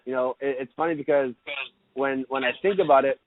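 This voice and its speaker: A man's voice: mid-range voice, steady tone, fairly quick. A Canadian man, a lacrosse broadcaster, chatting easygoing as a podcast guest and repeating words as he thinks. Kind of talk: casual interview chat. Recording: tinny phone-like remote line, dry.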